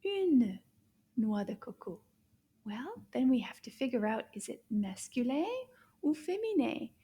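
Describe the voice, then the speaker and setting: A woman leads a children's language lesson, taking her time and drawing out each phrase so little ones can follow. Her voice is soft and mellow and sits a little high, and she often drops to a near-whisper. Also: sing-song. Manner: gentle, encouraging, exaggerated slow repetition of phrases. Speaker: French teacher for children. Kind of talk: slow, clear children's language lesson with puppet.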